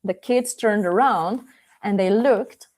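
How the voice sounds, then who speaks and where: A woman's voice: medium pitch, takes it slowly, a little mellow. A woman with a Czech accent, a language teacher telling a live bedtime story in a playful, hesitant way with many fillers.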